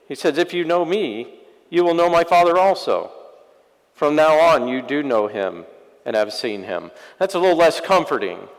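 A male pastor preaching a sermon with wry, sarcastic asides, swinging from loud passages to very quiet ones. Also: on the high side, in a large hall, rough recording.

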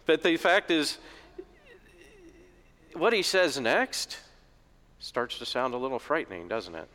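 A man's voice: mid-range voice, big pitch swings, measured pace, pauses often, a bit bright. Middle-aged guy preaching, cracks little jokes, long church echo around him. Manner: joking, conversational preaching. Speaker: pastor. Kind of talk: sermon. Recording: echoey church reverb.

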